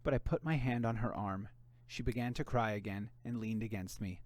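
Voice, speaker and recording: A man, a volunteer reader, narrating a first-person mystery novel aloud in an expressive way. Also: lowish voice, moderate pace, no room sound.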